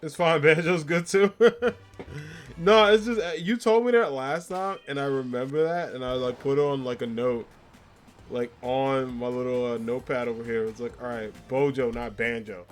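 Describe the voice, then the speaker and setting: Guy live streaming a game, talky and laughy, lots of likes and ums, soft game music in the back. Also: medium pitch, steady tone, moderate pace. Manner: chatty and rambling, laughs often, fillers like "like" and "um"; reads viewer comments aloud and answers them. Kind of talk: casual live-stream chat with viewers. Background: faint game music.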